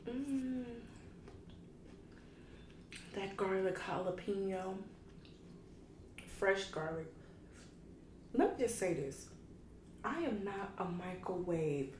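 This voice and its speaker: A woman's voice: mid-range voice, slight background noise. A woman in her twenties, a food vlogger chatting candidly and with plenty of slang straight to her viewers at home. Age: 20s. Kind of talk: casual chat to camera while eating. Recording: roomy home recording with faint ambience.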